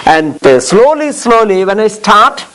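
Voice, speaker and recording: Indian priest, older-sounding chatter, unhurried, laughs between restarts. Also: male voice, high-pitched, sing-song, fairly bright tone, rough recording. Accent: Indian English. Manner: chuckling storyteller, many restarts. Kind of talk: casual chat.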